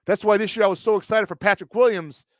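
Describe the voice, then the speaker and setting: A man's voice: high voice, fairly even intonation, fast, no room sound, clean studio sound. A man from Chicago with a Chicago accent, hosting a sports talk show and hammering his points home with repetition. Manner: emphatic, repeats points for stress. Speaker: sports radio host. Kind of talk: sports talk radio banter.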